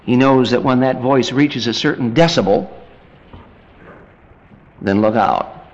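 A man preaching a sermon in an animated way, acting out family scenes and swinging from loud bursts to quiet, low asides. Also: unhurried, muffled recording. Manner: animated, acts out family scenes in quoted voices.

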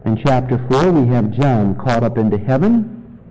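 A man preaching a sermon and reading scripture, teaching in a measured, deliberate way with solemn emphasis. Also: mid-range voice, lively intonation, dark tone. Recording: long reverb of a large hall.

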